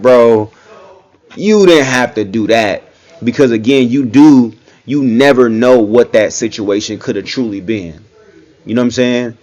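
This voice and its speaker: A young man giving casual reaction commentary, talking loosely and often saying "you know what I'm saying.". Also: mid-range voice.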